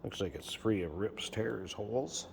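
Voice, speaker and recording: A man giving a relaxed, plainspoken walkaround sales pitch for a classic car in a large indoor showroom. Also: a little slow, vocal fry, long reverb tail, a little hiss or hum. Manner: relaxed, plainspoken, repeats key points.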